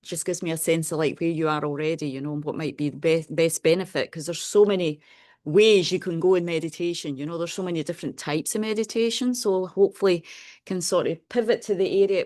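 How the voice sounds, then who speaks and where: Scottish woman, fifties, meditation teacher, gentle casual talk, slightly low pitch. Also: fairly quick. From Scotland. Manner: chatty, soft-spoken, many "you know"s, light laughs. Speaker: meditation teacher, Buddhist nun. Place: meditation class room.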